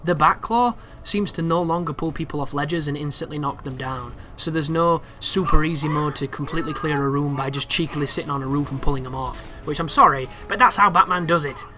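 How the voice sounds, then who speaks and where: A man's voice: fairly high pitch, brisk, few pauses, music in the background. A man giving casual walkthrough commentary over gameplay, chatty and prone to exasperated asides. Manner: chatty, with exasperated, animated asides about the game.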